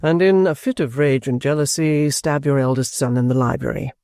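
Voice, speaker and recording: A man voicing an earnest young dramatist who speaks in a measured way. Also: mid-range voice, darkish tone, clear, resonant tone, dry recording, studio quality, lightly acted.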